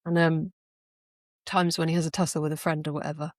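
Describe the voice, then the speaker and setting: A woman's voice: low-pitched, little pitch movement, brisk, dry recording, studio quality. A woman in casual podcast conversation, telling reflective stories with frequent laughs. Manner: reflective storytelling, laughs often. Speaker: podcast speaker.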